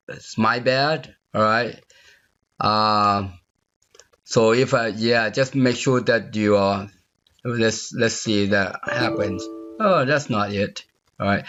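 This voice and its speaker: A software tutorial instructor narrates an unscripted screen-recorded coding lesson, thinking aloud as he goes. His voice sits on the low side with a fairly bright tone, and he speaks slowly, repeating phrases and asking the viewer "you see there?" The computer-mic audio sounds slightly dull and lo-fi.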